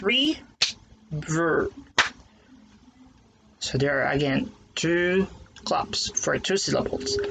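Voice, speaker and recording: Slow, careful teacher with a gravelly voice. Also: medium pitch, background noise. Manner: slow, careful, sounding out words syllable by syllable. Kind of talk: recorded online lesson for young pupils.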